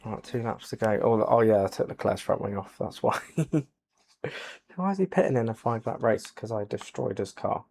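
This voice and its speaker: A man giving soft-spoken ASMR commentary over a racing game, quiet and low-key, with dry jokes. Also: moderate pace, gravelly. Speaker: gaming channel host.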